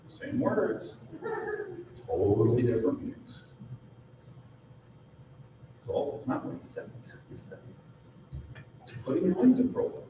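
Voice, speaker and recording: A man's voice: mid-range voice, huge pitch swings, normal speed, long pauses. A man giving a live sales training seminar to an audience, punchy and full of rhetorical questions. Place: large room with audience. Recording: very echoey room, distant mic, background noise.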